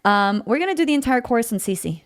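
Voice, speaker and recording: An upbeat woman running a voice lesson, her fairly high voice swinging widely as she encourages her student. She laughs often and praises freely. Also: expressive, quick pace. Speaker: vocal coach. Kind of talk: voice lesson coaching. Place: studio.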